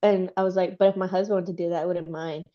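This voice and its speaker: A woman's voice: fairly low pitch, steady tone, fast, lo-fi sound. A woman chatting casually and rambling, with lots of fillers and giggles. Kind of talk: casual chat.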